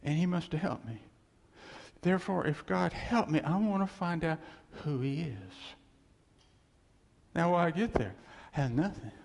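A male preacher with a fairly high, gravelly voice delivers an earnest, conversational sermon and keeps repeating phrases for emphasis. His words ring out with a long reverb, as if spoken in a large hall. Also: lively intonation, measured pace, a little mellow, slight background noise.

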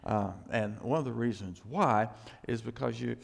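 A man's voice: mid-range voice, normal speed, gravelly, big-room sound. A male pastor preaching a conversational sermon, with plenty of fillers and key words repeated for emphasis.

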